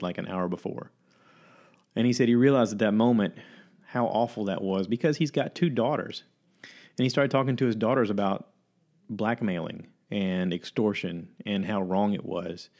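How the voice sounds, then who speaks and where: Chatty man telling a story, low voice. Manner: animated retelling, acts out quoted voices. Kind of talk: casual storytelling chat.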